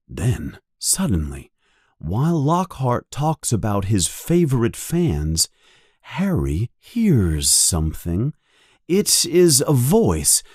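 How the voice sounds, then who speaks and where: Slow, expressive male storyteller. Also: sits low, dry recording, clean studio sound. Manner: clear, deliberate, very expressive. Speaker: narrator. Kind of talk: slow simplified story reading.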